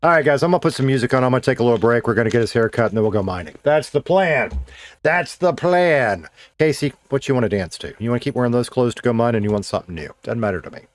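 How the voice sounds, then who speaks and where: A man's voice: medium pitch, very fast, few pauses. A man streaming a game, chatting casually and thinking aloud in a rambling, self-deprecating way. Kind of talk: casual live-stream chat while playing.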